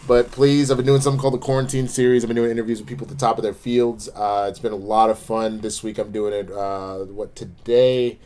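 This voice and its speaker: A man co-hosting a casual episode review, talking in long, animated, reflective runs. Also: on the low side, quick pace, hardly any pauses. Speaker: co-host, show reviewer.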